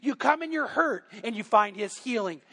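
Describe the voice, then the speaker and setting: A man's voice: very high-pitched, lively intonation, normal speed, fairly bright tone, long reverb tail. A man preaching a sermon as pastor, talking to the congregation in a conversational way full of rhetorical questions. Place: church sanctuary.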